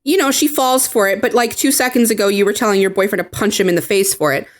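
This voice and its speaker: A woman's voice: mid-range voice, fast talker. A woman hosting a podcast in casual chat, exasperated and swearing as she retells scenes. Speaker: podcast host.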